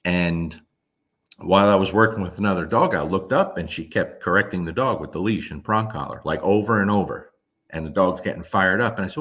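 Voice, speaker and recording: In a low, slightly bright voice, a dog trainer talks briskly and with lots of animation to the camera. His casual delivery is emphatic and blunt, and he often asks whether you understand.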